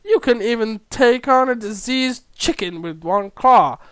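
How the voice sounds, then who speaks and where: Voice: mid-range voice, expressive, unhurried, fairly bright tone, smooth, no echo, clean studio sound. A let's play host voicing a rude young male delinquent student who taunts his teacher. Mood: taunting. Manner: mocking, taunting.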